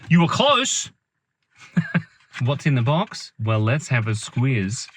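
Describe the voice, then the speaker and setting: A man in his thirties rambles and giggles through a silly vlog from his parked car. His voice is bright and a touch high, and it swoops up and down a lot. He has no proper microphone, so the sound comes from the camera. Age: 30s. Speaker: vlogger. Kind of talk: rambling comic vlog chat. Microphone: built-in camera mic, no microphone.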